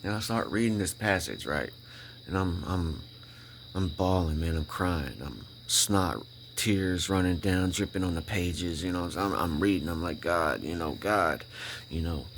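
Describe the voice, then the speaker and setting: Speaking in a deep voice over a faint hiss or hum, a man vlogs his personal story of faith in a relaxed yet forceful testimony. He often circles back, starts sentences over, and tosses in "you know?" and "right?", breaking off and restarting whenever he gets emotional.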